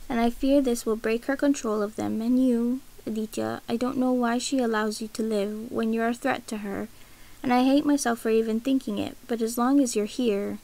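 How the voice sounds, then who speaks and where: A woman's voice: on the high side, vocal fry, dark tone. A woman reading the lines of an earnest, troubled young prince who speaks frankly. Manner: earnest and direct.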